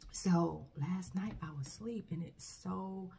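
A woman with a low, dark, husky voice speaks to camera in a personal faith testimony. She talks in an earnest, soft-spoken way, often pausing and restarting her sentences. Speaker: vlogger.

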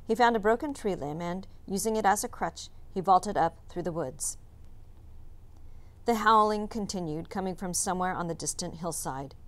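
A woman teacher reading a chapter book aloud, narrating in a calm, measured way. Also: on the low side. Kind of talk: storybook read-aloud narration.

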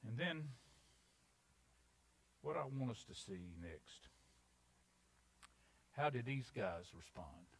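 Animated preacher delivering a sermon. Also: male voice, medium pitch, takes it slowly, vocal fry, long pauses, low-quality recording. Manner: animated, dramatic scripture reading. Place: church sanctuary.

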